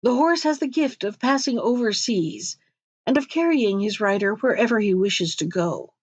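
A woman's voice: a little high, expressive, normal speed, no echo. A woman reading the part of a foreign horse merchant who speaks in a courtly, humble, imploring way, in a storybook reading.

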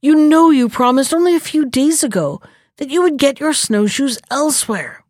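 A woman's voice: high-pitched, animated, normal speed, darkish tone, no room sound, studio quality, voice pushed up. A woman voicing an anxious male magpie in a storybook reading, speaking in a pleading, trembling way.

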